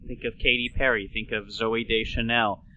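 A man who is a doctor and talk show host, explaining in a lecturing way with quick asides. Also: mid-range voice, flat delivery, sharp tone, muffled recording.

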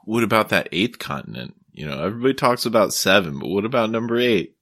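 Podcast cohost dude, low but bright edgy voice, deadpan crude jokes, super dry mic. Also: male voice, fast talker, no echo. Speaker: podcast co-host. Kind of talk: casual comedic banter.

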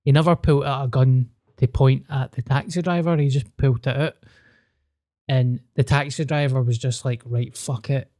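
A man's voice: medium pitch, fairly even intonation, normal speed, dark tone. A man with a Scottish accent, hosting a podcast and telling stories in casual, sweary chat. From Scotland. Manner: sweary, storytelling, laughs easily. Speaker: podcast host.

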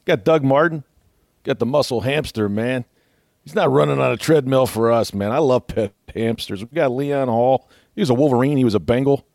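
A man's voice: medium pitch, normal speed, gravelly, a little mellow, no room sound, studio quality, natural voice. A man doing a comic impression of a brash, rambling male football coach who ends almost every phrase with "man". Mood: goofy bravado.

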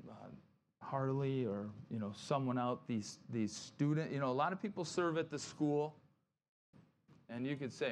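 A man's voice: on the high side, slight background noise. A male pastor preaching a conversational sermon, often checking in with "right?" and acting out grumbling complainers in quoted asides.

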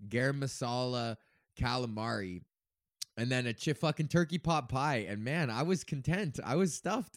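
A man's voice: mid-range voice, expressive, normal speed, dry recording, studio quality. Rambling, foul-mouthed man in his thirties. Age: 30s. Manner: profane, meandering, laughs often. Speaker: podcast host. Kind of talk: rambling casual monologue.

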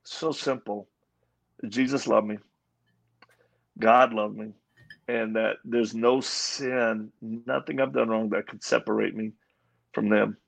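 A man's voice: lowish voice, fairly even intonation, slow pace, gravelly, pauses often. A man giving his personal testimony as an interview guest, earnest and acting out the voices in his story. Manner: earnest storyteller, acts out quoted dialogue. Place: live event at a Christian coffee house.

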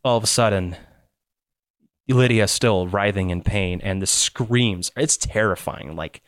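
A man's voice: lowish voice, measured pace, dry recording, studio quality. A man narrating as game master of a tabletop game, joking and laughing often.

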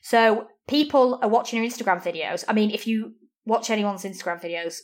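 Woman gossiping, lots of "like", swears, jumps up high when she acts things out. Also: fairly quick. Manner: animated storytelling, lots of "like", swears. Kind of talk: casual chat.

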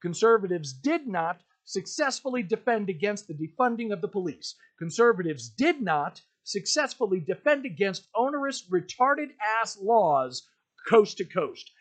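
A man's voice: high-pitched, big pitch swings, normal speed. A man hosting a podcast, delivering an emphatic, ranting monologue with lots of repetition. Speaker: podcast host.

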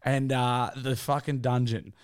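An Australian man co-hosting a podcast, talking in quick, crude, self-mocking banter. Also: mid-range voice, level tone, clean tone, no echo, studio quality. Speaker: podcast co-host. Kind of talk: casual banter.

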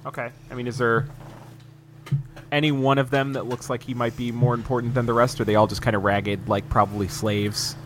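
A man's voice: mid-range voice, little pitch movement, a little fast, slight background noise. A man playing a tabletop game, asking the game master hesitant questions with many restarts. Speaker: player. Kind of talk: casual tabletop game chat.

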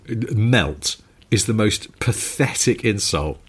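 Husky low-voiced man, wry banter. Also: animated. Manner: wry, rambling, quick to laugh. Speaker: podcast co-host. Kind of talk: casual chat.

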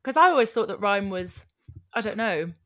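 A woman from England interviewing a guest in a casual chat, encouraging him with quick affirmations. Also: medium pitch, expressive, bright, forceful tone.

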